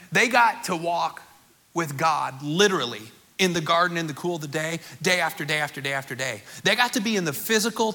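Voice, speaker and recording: A male pastor preaching a sermon in an energetic, conversational way, full of rhetorical questions. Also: fairly high pitch, big-room sound.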